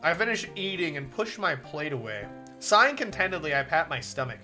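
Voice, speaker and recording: A male streamer with a high, bright voice, reading a visual novel aloud and breaking off into playful, swearing asides. His pitch leaps around animatedly, and soft game music plays in the background. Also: brisk. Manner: playful, profane asides, excitable and jokey.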